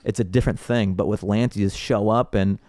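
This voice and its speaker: A man's voice: on the low side, a little fast, no room sound, clean studio sound. A man who is a comedian guest, telling stories in casual podcast chat and laughing often. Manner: animated storyteller, laughs often.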